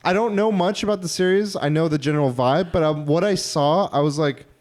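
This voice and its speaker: A man's voice: fairly high pitch, fairly quick, a little mellow. A man co-hosting a podcast in casual chat, rambling and retelling scenes with quoted voices. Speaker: podcast co-host.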